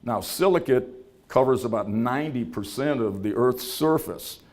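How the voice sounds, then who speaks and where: A man's voice: medium pitch, animated, measured pace, a little mellow. A man giving a business talk at an event, telling a story in a folksy way and acting out the voices of people he quotes. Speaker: startup founder giving a talk. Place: event venue.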